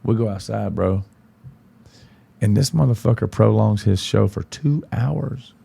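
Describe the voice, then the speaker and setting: A man's voice: on the low side, measured pace, gravelly, warm tone, slightly rough. A man in his thirties with a Southern accent, a country singer telling a long, profane story on a podcast and acting out everyone's lines. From from Arkansas.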